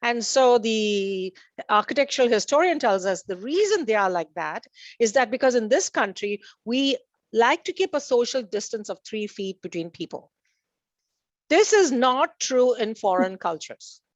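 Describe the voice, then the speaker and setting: Pitched on the high side and very animated, a woman speaks at a moderate pace in a dull, dry recording with no room sound. She's a community meeting panelist who covers her points in a loose, halting way, with frequent fillers and false starts, laughing at her own anecdotes.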